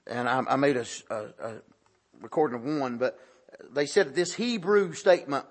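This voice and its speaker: A man preaching a sermon, punctuating points with "amen" and swinging between soft asides and loud emphatic calls. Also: on the high side, fairly quick.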